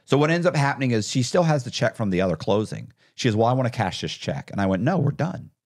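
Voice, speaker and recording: A fast-talking man with a mid-range voice, once a con artist, recounts his story as a podcast guest. His manner is casual and animated, and he performs other people's lines in quotes.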